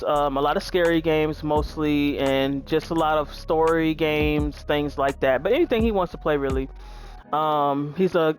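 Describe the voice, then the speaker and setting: Woman streamer, laid-back talker who speaks straight to her viewers, soft music bed underneath. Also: low voice. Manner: chatty, relaxed, says "y'all" and "um" a lot. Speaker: gaming YouTuber. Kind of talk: casual gameplay commentary.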